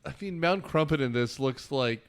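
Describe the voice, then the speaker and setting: A man hosting a casual movie-review podcast, animated and quick to act out quotes in exaggerated voices. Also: medium pitch, clear, resonant tone. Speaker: podcast host.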